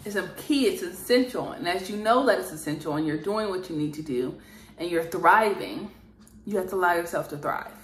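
Lady doing a channeled message, kinda low voice, repeats herself a lot, rambly, roomy echo, faint hiss behind. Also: lively intonation, brisk. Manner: earnest, repetitive, emphatic; loose and rambling with fillers. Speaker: spiritual channeler. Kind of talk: channeled spiritual message monologue.

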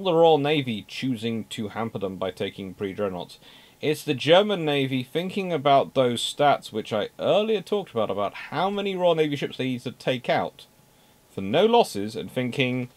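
A man's voice: mid-range voice, very animated, normal speed. A man giving an unscripted naval history talk, emphatic, repeating words for stress and adding dry asides.

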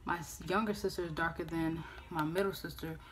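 A woman in her twenties telling a personal story on a phone-camera vlog, casual and animated, swearing freely and acting out what others said. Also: sits low, fairly quick, slight background noise. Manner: animated, profane, acts out quoted voices. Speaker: vlogger.

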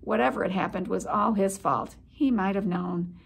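A middle-aged woman, a head of school, reading a children's chapter book aloud in an expressive storytelling manner. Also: medium pitch, moderate pace, vocal fry, husky.

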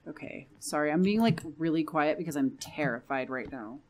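While playing a building game, a young woman who creates Minecraft let's plays talks casually and nervously, frequently whispering reassurances to herself. She has a deep voice with lively intonation, a moderate pace, and slight background noise behind her.

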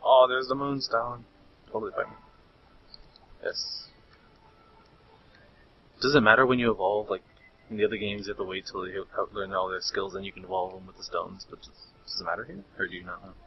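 A man's voice: fairly low pitch, fairly even intonation, fairly quick, pauses often, slight background noise. A young man streaming a handheld game, chatting casually with a friend and reading menus aloud. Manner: chatty, reads menu text aloud, laughs often. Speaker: let's-play streamer. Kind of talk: casual gameplay commentary. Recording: lo-fi stream audio with faint game music.

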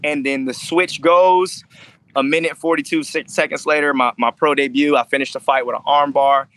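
A man's voice: fairly high pitch, steady tone, normal speed, fairly bright tone, a little hiss or hum, low-quality recording. A man who fights professionally, telling stories in a casual interview with intensity and freely dropped swear words. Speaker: MMA fighter, interview guest.

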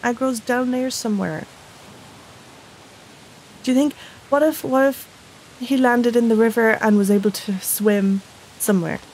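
A woman's voice: on the high side, unhurried, pauses often, darkish tone, a little hiss or hum, rough recording. A woman giving casual commentary while playing a video game, talking in an upset, indignant way and swearing. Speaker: let's play gamer.

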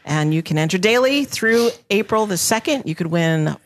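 A woman's voice: mid-range voice, animated, moderate pace, slight background noise. A woman hosting a casual podcast chat, upbeat and leading the discussion. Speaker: podcast host.

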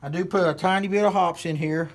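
A man's voice: high voice, steady tone, fast talker. A man from West Virginia with a West Virginia accent, folksy and rambling with many fillers as he walks through a hands-on how-to demonstration. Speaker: hunting channel host.

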